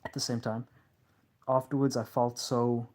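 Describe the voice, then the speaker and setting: A man's voice: mid-range voice, flat delivery, moderate pace, a little mellow. A man hosting a live Q&A stream from a lounge couch, rambling casually with many fillers and calling listeners bro.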